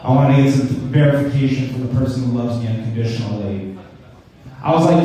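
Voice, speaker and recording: A man's voice: medium pitch, fast, dark tone. A young man doing a rambling, self-deprecating stand-up comedy set with stammered restarts. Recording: echoey room, mic heard from a distance.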